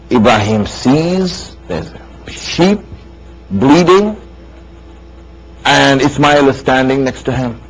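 A man's voice: mid-range voice, husky, poor audio. A man preaching a sermon, telling a story with emphatic repetition and questions to his listeners. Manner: emphatic, repeats key lines, asks listeners questions.

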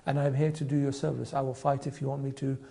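A man doing a hushed, fawning spy. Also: medium pitch, little pitch movement, fast, vocal fry, lightly acted. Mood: ingratiating. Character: male spy pretending eager loyalty.

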